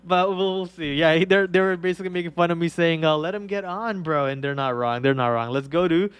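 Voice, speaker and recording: A man's voice: a little high, fairly even intonation, fast, smooth, no room sound. A young man hosting a trading livestream, chatting casually and rambling with many fillers and restarts. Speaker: trading show host.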